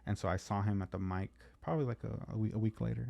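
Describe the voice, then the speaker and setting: A man's voice: fairly low pitch, steady tone, fast talker, creaky, dark tone, no room sound, muffled recording. A man, a comedian, telling a rambling, profane story in casual podcast chat and acting out what people said.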